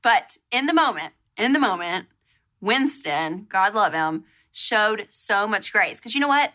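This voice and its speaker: A woman hosts her show, chatting through a story in an animated, filler-heavy way. Her voice sits at an ordinary pitch for a woman but carries a bright, forward edge. She sounds relaxed and talkative. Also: measured pace. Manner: animated, chatty, lots of fillers and repeated exclamations. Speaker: show host. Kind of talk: casual storytelling monologue.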